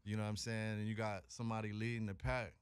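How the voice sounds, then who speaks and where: A man's voice: fairly low pitch, flat delivery, fast talker, smooth, no echo. A man hosting a casual podcast, talking in laid-back slang. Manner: laid-back slang, "you know what I'm saying". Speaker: podcast host. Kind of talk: casual interview chat.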